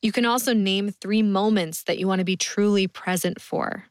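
A woman's voice: mid-range voice, steady tone, moderate pace, no room sound, studio quality. A woman hosting a podcast, reading scripted narration in an upbeat, conversational explainer tone. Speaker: podcast host.

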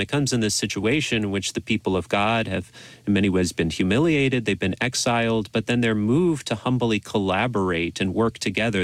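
A fairly low-pitched man speaks steadily and thoughtfully, laying out his points as a radio interview guest. The sound is close and dry, with no room around it. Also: no room sound. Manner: measured, explanatory, with small restarts. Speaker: priest and bioethics professor, interview guest.

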